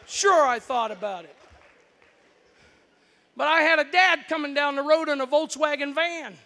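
A man from Florida preaching a sermon built on stories from his childhood, animated and breaking into shouts at the big moments. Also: very high-pitched, moderate pace, long reverb tail. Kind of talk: storytelling sermon.

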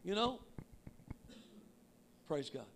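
A man preaching a sermon with emphatic shouting that drops to quiet asides. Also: sits high, big pitch swings, drawn-out words, creaky, background noise. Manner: shouting, emphatic, swinging between loud and quiet. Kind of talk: Pentecostal sermon.

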